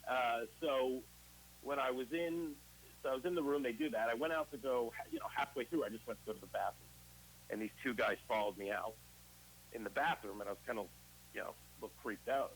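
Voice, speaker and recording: Speaking briskly in a mid-range voice, a male interview guest shares his recovery story in casual, candid terms, voicing old conversations as quoted dialogue. The recording is low quality, with slight background noise.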